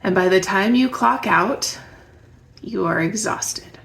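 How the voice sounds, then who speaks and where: A woman's voice: mid-range voice, slow pace, vocal fry. A woman talking straight to her viewers about parenting, conversational and reflective, often asking them questions. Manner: warm, conversational, asks the listener reflective questions. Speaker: parenting educator. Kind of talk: direct-to-camera advice talk.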